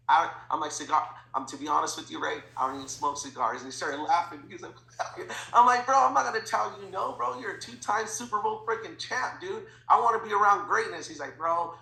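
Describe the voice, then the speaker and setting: A man talking as a guest in an interview, telling stories in an animated way and acting out the dialogue. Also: sits high, echoey room, rough recording. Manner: animated, acts out quoted dialogue. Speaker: podcast guest, financial educator. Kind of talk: energetic storytelling interview.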